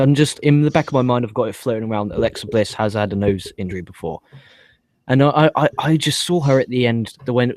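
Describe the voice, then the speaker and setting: A man talking wrestling on a podcast in a profane, rambling, excitable way. His voice sits at an ordinary middle pitch. The sound is dry and close, with no room around it. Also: no echo. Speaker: podcast co-host. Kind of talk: casual wrestling review chat.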